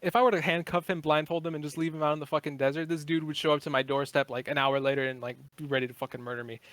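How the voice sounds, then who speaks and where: A man's voice: fairly high pitch, fairly even intonation, racing, fairly bright tone, no echo. A man in his twenties, a podcast guest, chatting casually in a rambling, profane way with many fillers. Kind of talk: casual chat.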